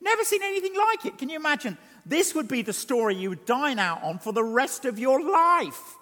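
Guy preaching in a big echoey hall, highish voice, swings up and down a lot. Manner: animated, dramatic preaching with wide swings of pitch and loudness. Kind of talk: sermon. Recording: long hall reverb.

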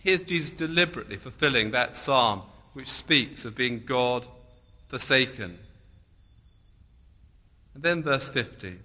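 A man preaching a sermon in a slow, deliberate way, repeating key phrases with emphasis. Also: mid-range voice, lively intonation, pushed and bright. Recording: long hall reverb.

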